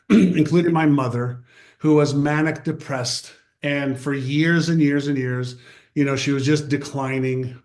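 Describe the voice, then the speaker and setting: A man in his sixties, a guest on an interview show, telling a story in a lively conversational way and acting out the quotes. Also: a little high. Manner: animated, acts out quotes. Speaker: guest, mindset author.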